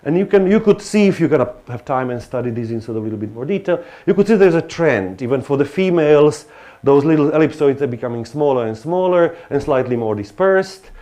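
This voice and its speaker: A man's voice: a little high, animated, fairly quick, mellow. Hesitant male lecturer. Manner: hesitant, many restarts and fillers. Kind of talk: academic lecture.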